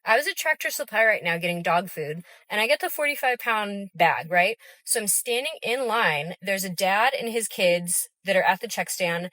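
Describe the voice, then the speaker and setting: A woman's voice: mid-range voice, expressive, moderate pace, hardly any pauses, bright, forceful tone, no room sound. A woman ranting casually to camera, chatty and filled with "like" fillers. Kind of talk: casual video rant to camera.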